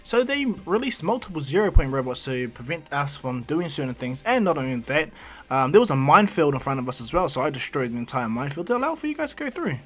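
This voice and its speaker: Man reading a calm young hero, husky, matter-of-fact, storybook telling. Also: a little high, quick pace, soft background music. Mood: explaining. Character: calm young male hero with many powers.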